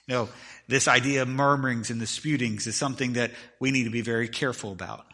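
A man's voice: mid-range voice, steady tone, quick pace, pushed and bright. A middle-aged man preaching a sermon, with emphatic delivery that swells and drops in volume, often repeating words as he restarts. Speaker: pastor.

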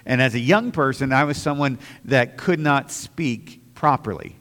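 A man's voice: mid-range voice, moderate pace, fairly bright tone, in a large hall. A man preaching a sermon as pastor, earnest and at times emphatic, with a slight stammer and small restarts. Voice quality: slight stammer on some words.

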